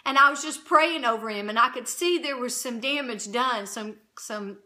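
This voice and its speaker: Bright-voiced woman giving emotional testimony. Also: fairly high pitch. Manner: earnest, emotional, halting with restarts. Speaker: Christian channel host. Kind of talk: personal testimony.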